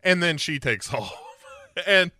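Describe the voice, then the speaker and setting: High-voiced man joking through a show recap. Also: expressive, slow, sharp tone, no echo, studio quality. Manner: playful, acts out characters' lines in funny voices. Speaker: podcast co-host. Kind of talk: casual chat recapping a TV show.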